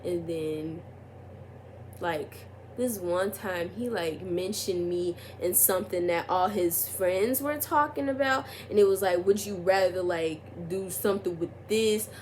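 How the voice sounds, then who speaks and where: A woman's voice: fairly low pitch, a little slow, a little mellow, slight background noise. Young woman rambling through a storytime. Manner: rambling, heavy use of "like", restarts; rising, emphatic when retelling arguments. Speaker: vlogger. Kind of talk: casual storytime.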